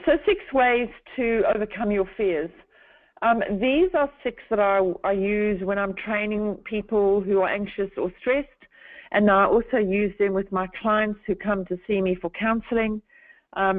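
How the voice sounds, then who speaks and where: Middle-aged woman, counselor leading a webinar, slow and soothing delivery, dry narrow phone-line sound. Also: medium pitch, no room sound. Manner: slow, deliberately calming delivery. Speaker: counselor and trainer. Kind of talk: webinar presentation.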